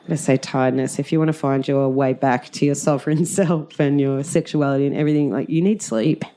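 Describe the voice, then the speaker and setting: A middle-aged woman, a guest telling stories in casual chat, animated and laughing often as she acts out what people said. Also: very deep voice, fast. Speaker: guest, drama teacher.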